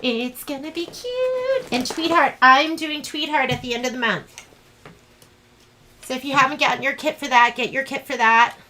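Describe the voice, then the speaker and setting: A woman's voice: high-pitched, expressive, normal speed, sharp tone, slight background noise, poor audio. A woman teaching a live online sewing class, chatting in a rambling, self-deprecating way as she works. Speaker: sewing instructor.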